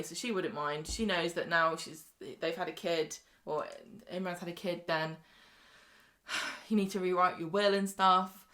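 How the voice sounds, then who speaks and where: A woman chattily recapping soap episodes as podcast co-host, dropping in quick quoted asides. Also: lowish voice, pushed and bright. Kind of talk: casual soap-opera recap chat.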